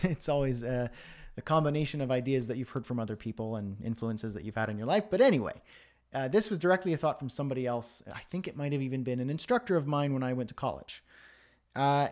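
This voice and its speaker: A man with a mid-range voice hosts a freelancing Q&A livestream from his home studio. He talks casually, using frequent fillers and self-deprecating asides.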